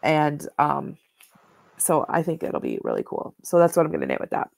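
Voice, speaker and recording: Chatty low-voiced woman co-hosting a knitting show. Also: wildly swooping pitch, normal speed, creaky, a little mellow, no echo. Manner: rambling and chatty, with many "like"s and "um"s. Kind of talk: casual chat, showing yarn and fabric to the camera.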